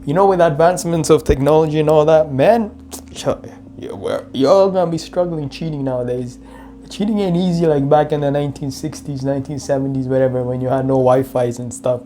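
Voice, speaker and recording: A man's voice: fairly high pitch, a little fast, mellow. A man giving casual, slangy commentary on clips, chuckling often and speaking straight to his viewers. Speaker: reaction commentator.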